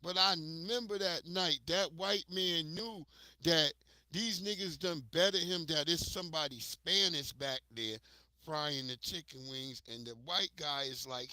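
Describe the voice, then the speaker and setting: An American man hosting a livestream, telling stories in a casual, profane, animated way to his viewers. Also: on the high side, measured pace, no echo. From United States. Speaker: livestream host.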